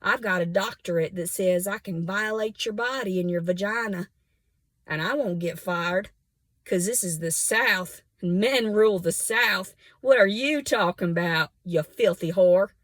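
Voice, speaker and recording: A woman's voice: mid-range voice, unhurried, dry recording, voice pushed down, natural voice. A sneering, power-drunk male officer, put on mockingly by a woman, talks down with open contempt. The voice stays dry and close to the mic, with no room sound around it.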